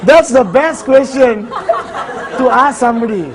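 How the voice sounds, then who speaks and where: High-voiced Malaysian man teaching a seminar. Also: unhurried, a crowd in the background. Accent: Malaysian English. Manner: animated, jokey, acts out little dialogues. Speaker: network marketing trainer. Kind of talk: live seminar talk.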